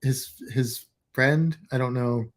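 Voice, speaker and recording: A man's voice: medium pitch, fairly even intonation, slow pace. Guy cohosting a chill livestream, rambly and jokey, keeps restarting his sentences. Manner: rambling, self-interrupting, playful. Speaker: livestream co-host. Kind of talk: casual chat.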